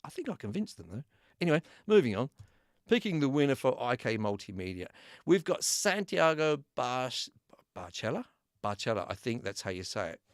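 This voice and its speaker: A man's voice: mid-range voice, sing-song, brisk, dry recording, clean studio sound. An Australian man hosting a live giveaway stream, chatting casually, laughing often and reading out names from the chat. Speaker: YouTube host running a live giveaway.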